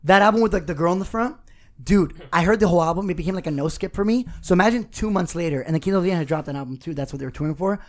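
In casual podcast chat, a man in his twenties jokes around as co-host, swearing a lot in rowdy, profane banter. He talks rapid-fire in a high-pitched voice.

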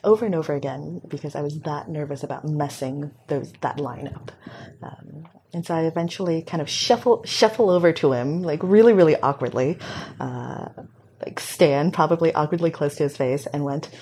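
A young woman speaking softly and reflectively, recounting a personal story in a conversation, with frequent pauses and fillers. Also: low voice, husky. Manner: soft-spoken, reflective, with many fillers. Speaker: guest.

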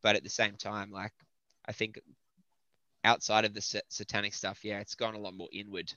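Aussie metal singer guy rambling thru an interview, bright sharp tone, dead dry sound. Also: fairly low pitch, little pitch movement, normal speed, dry recording. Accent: Australian. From Australia. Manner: rambling, filler-heavy, thinks aloud. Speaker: metal vocalist, interview guest. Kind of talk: casual interview chat. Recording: dull lo-fi dry audio.

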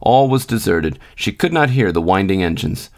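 A man narrating a classic short story for a podcast in a steady, measured reading. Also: low-pitched, gravelly. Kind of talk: scripted narration.

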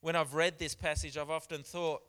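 A man delivering a church sermon, his voice a touch high and clean-toned. He hammers points with repetition and moves between hushed remarks and loud emphatic scripture readings. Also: little pitch movement, normal speed, clear, resonant tone. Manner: preaching with emphatic repeats, shifting loud and soft. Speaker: pastor.

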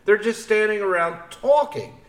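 A man's voice: sits high, animated, normal speed. A man co-hosting a podcast, ranting in profane, fired-up casual chat about bad service. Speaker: podcast co-host. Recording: roomy echo.

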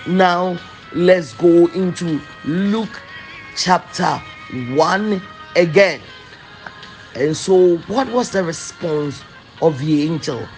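A man preaching a sermon, slow and emphatic, repeating phrases for weight. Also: on the high side, poor audio.

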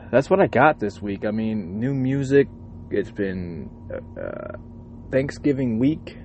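Parked at a truck stop, a trucker vlogs from his cab in a lowish, darkish voice, delivering an energetic, profanity-laced rant; there's slight background noise.

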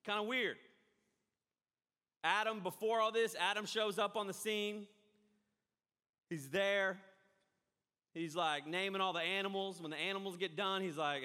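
Rambling, bright-voiced pastor preaching. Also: male voice, sits high, measured pace, long pauses, clear, resonant tone. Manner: rambling, animated, self-interrupting. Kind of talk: live-streamed sermon. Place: church hall. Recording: echoey hall reverb.

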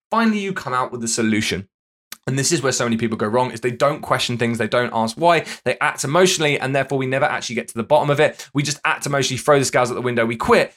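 A man hosting his own fitness podcast, talking quickly and with punch. His voice sits a touch high for a man, and he hammers his points with repeated questions. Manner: energetic, emphatic, repeats questions to drive points home. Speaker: fitness coach and podcast host. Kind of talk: solo podcast monologue.

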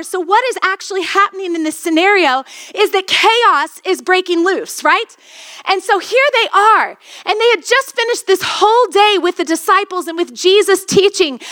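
A woman pastor delivering a sermon in a very high, bright voice. She retells a scripture story and keeps turning to the congregation with rhetorical questions.

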